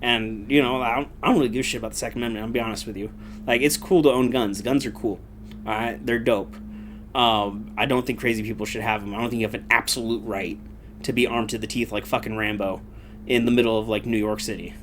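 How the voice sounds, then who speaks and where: A man's voice: fairly low pitch, fairly even intonation, fast, a bit bright, slight background noise. A young man in a casual, profane political rant, rambling with lots of fillers and laughing between points. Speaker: commentator.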